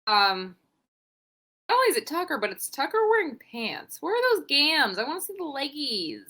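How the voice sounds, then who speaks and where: A young woman chatting through a wrestling recap with a lively, swooping delivery. Her voice is bright and forward, and she acts out quotes between casual curses. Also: high voice, moderate pace. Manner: animated, swearing, acts out quotes. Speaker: podcast co-host.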